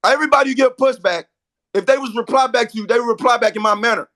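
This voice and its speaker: A man in a heated live audio chat argument, loud and confrontational, often yelling. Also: very high voice, quick pace.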